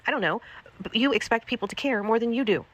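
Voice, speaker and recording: A woman's voice: fairly high pitch, fast. A woman livestreamer scolding someone in a profane, repetitive, angry rant.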